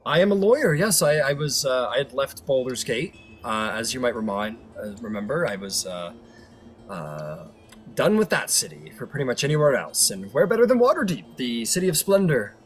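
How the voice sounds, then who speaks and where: A man chats as a player at a tabletop game. He stumbles through fillers and restarts, and his voice sits at a middling pitch. Faint hiss runs under the recording. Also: sing-song. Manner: halting, filler-heavy, laughing. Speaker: player narrating his character. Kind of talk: tabletop role-play chat.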